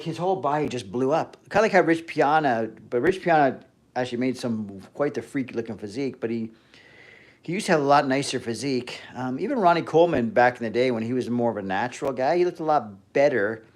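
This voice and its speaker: A man's voice: medium pitch, fairly quick. A man hosting a fitness livestream, ranting casually with heavy swearing and frequent trailing off mid-sentence.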